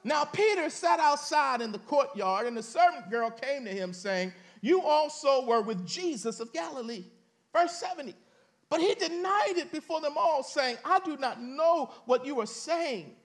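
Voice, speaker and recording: A man preaching a sermon, reading scripture aloud and speaking colloquially to his congregation, with sudden dramatic rises into shouting. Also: extremely high pitch, lively intonation, moderate pace. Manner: colloquial, addresses the congregation directly. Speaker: pastor.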